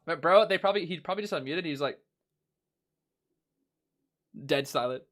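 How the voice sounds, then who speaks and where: At a moderate pace and fairly high pitch, a young man streams and co-casts an esports match with excited, casual commentary. He laughs a lot, repeats himself, and keeps saying "bro."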